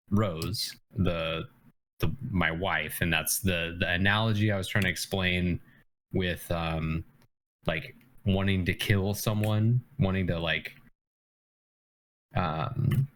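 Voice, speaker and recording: Very deep-voiced man, halting speech. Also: fairly even intonation, a bit bright. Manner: halting, with many fillers. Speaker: player. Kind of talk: casual chat at a game table.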